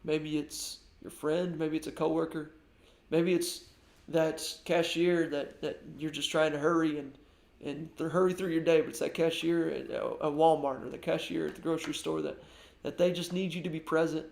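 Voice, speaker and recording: Guy pastor preaching a devotional, kinda high voice with gravel in it, keeps repeating himself, roomy echo. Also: level tone, normal speed, darkish tone. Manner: earnest, repeats words and restarts often. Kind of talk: devotional sermon.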